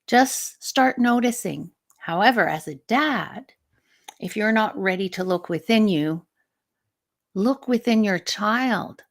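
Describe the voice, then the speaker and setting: Slow, gravelly-voiced woman coach. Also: medium pitch, expressive. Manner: reflective, asks the listener questions. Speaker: stress management coach; teacher. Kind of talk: live show monologue.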